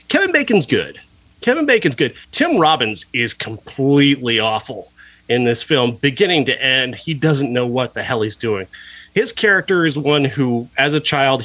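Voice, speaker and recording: A man co-hosting a casual film review podcast, talking in an animated, profane, mocking way and laughing often. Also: fairly high pitch, dry recording. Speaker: podcast co-host.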